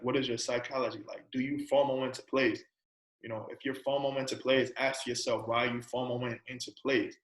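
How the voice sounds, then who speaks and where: Man presenting a casual trading lesson, flat delivery, keeps asking "right?", slightly echoey room. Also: mid-range voice, brisk. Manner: conversational, repeats "right?" and "you know"; asks a string of coaching questions.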